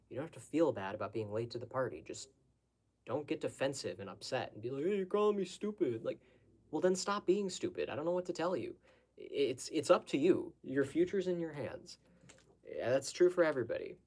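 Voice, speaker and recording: A man speaking unscripted to his viewers in a blunt, lecturing way, urging them to think for themselves. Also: medium pitch. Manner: blunt, lecturing, exhorting the listener. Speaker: host answering audience questions. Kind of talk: unscripted monologue.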